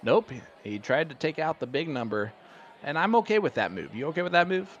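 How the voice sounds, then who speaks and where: A man's voice: fairly high pitch, big pitch swings, brisk, fairly bright tone, muffled recording. A man doing live darts commentary, chatty and enthusiastic, joking with his co-hosts.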